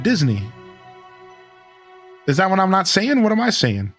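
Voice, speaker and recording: His voice sits high and unhurried over faint background music: a man in his thirties from Ohio, with an Ohio accent, casually chatting with his live stream viewers. He comes across as animated and rambling, repeatedly correcting himself.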